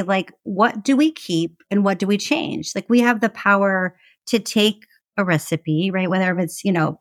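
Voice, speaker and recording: A woman's voice: medium pitch, no room sound. Woman guest on a podcast, chatty, lots of likes and right?, mid voice, dry sound. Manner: animated, chatty, heavy use of fillers. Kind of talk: casual conversational interview.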